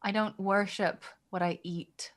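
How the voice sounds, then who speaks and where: A woman's voice: mid-range voice, fairly even intonation, a little slow. A woman playing her character in a tabletop game, speaking hesitantly with many fillers. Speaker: player. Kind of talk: in-character tabletop role-play.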